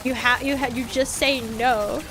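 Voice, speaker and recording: A woman's voice: fairly high pitch, steady tone, measured pace, background noise. A woman streaming a game in casual chat, dramatic and whiny, swearing freely as she talks.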